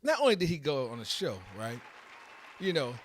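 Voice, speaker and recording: Animated, excitable male podcast host. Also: on the high side, moderate pace, a faint crowd, a little hiss or hum. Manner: animated, excitable storytelling with shouted peaks. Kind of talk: casual storytelling chat.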